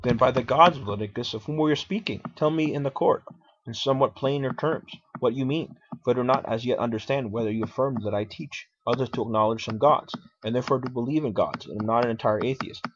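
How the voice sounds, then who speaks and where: Over a dull lo-fi recording, a man reads the role of an aged philosopher standing trial, defiant and combative as he questions his accusers. He speaks quickly in a natural, medium-pitched voice.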